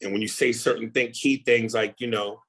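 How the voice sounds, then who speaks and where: A comedian guest talking casually in an interview, animated and often repeating words while he thinks. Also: mid-range voice, brisk, poor audio.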